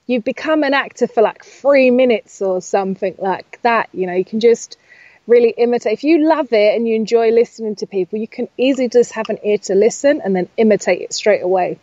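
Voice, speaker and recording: A woman's voice: a little high, fairly quick, mellow, no echo, dull audio. A woman who works as a voiceover artist and speaking coach, chatting as an interview guest, rambling with lots of fillers and self-corrections. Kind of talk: casual interview chat.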